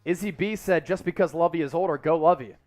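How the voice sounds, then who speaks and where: Young male stream host, high-pitched, energetic chat reader. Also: fast talker, faint music behind. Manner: energetic, reads chat aloud. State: exerting, counting push-ups. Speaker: host of a live sports stream. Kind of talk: casual live-stream chat.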